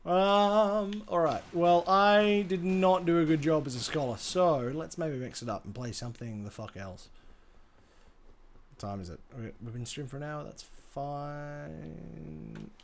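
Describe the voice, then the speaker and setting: A man's voice: fairly high pitch, normal speed. A man with an Australian accent chatting casually on a live game stream, swearing freely and joking at his own expense. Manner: swears freely, jokey and self-mocking.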